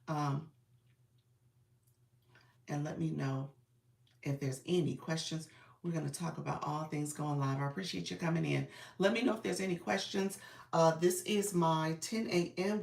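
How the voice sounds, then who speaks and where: A woman business coach hosting a casual livestream. She is under the weather and a bit raspy, and she greets viewers by name in an upbeat, encouraging way. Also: deep voice, darkish tone, echoey room, far from the mic.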